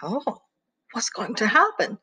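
A woman reading a children's story aloud in an animated way, pausing to ask her listeners questions. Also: on the high side, husky, no room sound.

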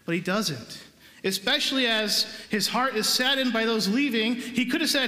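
A priest delivers a sermon with a high, bright male voice, stressing his points and tossing rhetorical questions to the pews. His words ring out through a large church with a long, echoing tail. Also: normal speed. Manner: emphatic, conversational preaching with rhetorical questions. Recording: echoey church with long reverb.

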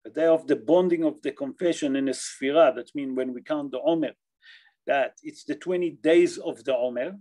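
A man teaching a Torah class as a rabbi, explaining Jewish law in a halting way, often repeating and restarting phrases and checking in with his listeners. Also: on the high side, dark tone, poor audio.

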